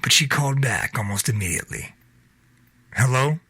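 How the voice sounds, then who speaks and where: A man reading scripted narration of an audio drama in a measured, expressive way. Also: medium pitch, breathy edge, no room sound, studio quality.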